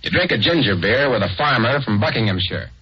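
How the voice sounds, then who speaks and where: A brisk, wry man narrating a 1940s radio program. His voice is husky and sits at a middle pitch. The recording is dull and lo-fi. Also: sing-song, no echo.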